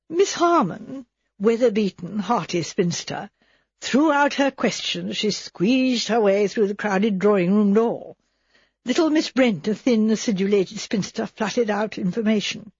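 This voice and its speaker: Brief: female audiobook narrator, even storytelling, breathy, muffled sound. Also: medium pitch, unhurried, dry recording. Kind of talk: scripted narration.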